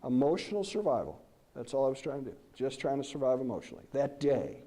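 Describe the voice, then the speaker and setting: A middle-aged man giving a presentation, telling animated stories and posing questions to the audience. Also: mid-range voice, fast. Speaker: lecturer. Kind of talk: conference presentation.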